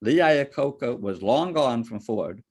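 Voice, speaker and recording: A man lecturing on ethics, mixing stories with rhetorical questions. His pitch swings widely as he talks, and a gravelly fry runs through his voice. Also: a little slow. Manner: lively storyteller, rhetorical questions. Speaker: board ethics trainer. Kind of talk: lecture with personal anecdotes.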